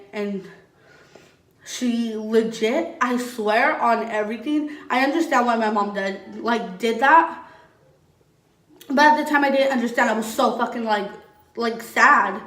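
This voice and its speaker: A woman's voice: a little high, fairly bright tone, far from the mic. Blunt young woman in an echoey room. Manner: candid and blunt, heavy use of "like" and swearing. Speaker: vlogger. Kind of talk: casual storytelling.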